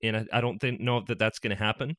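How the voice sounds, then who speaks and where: Man, podcast host, casual chat, thoughtful, hesitant, bright tone. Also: lowish voice, fairly even intonation, quick pace, no echo, clean studio sound.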